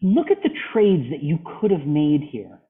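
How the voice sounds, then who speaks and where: A man's voice: fairly high pitch, big pitch swings, normal speed. A man teaching a trading club, walking through charts and asking a student questions over a video call. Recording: phone-like video call audio.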